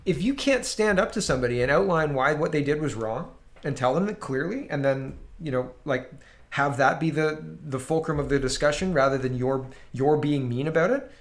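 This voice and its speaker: A man's voice: fairly high pitch, lively intonation, moderate pace. A Canadian man hosting political commentary, talking casually and sarcastically while reacting to clips. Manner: sarcastic, mocking voices.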